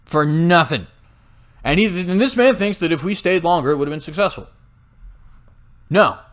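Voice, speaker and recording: Young male host, opinionated monologue, heated and sarcastic, keeps asking "right?", slightly high pitch. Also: animated, normal speed, fairly bright tone. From United States. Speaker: political commentary host.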